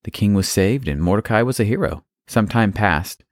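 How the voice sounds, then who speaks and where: A man narrates a children's Bible story with plain telling and playful asides. His voice is very low, and the recording is dry and close. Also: animated, normal speed, dry recording.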